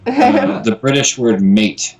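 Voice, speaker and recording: A man's voice: on the low side, slow, far from the mic, a little hiss or hum, rough recording. A man joining a casual livestream as a guest, playful and chatty. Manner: playful, lively.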